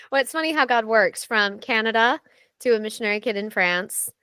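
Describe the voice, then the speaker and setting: A woman's voice: fairly high pitch, expressive, moderate pace, pushed and bright, clean tone, no echo, clean studio sound. A woman hosting a casual podcast interview, asking questions with enthusiasm and friendly reactions. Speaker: podcast host interviewing missionaries.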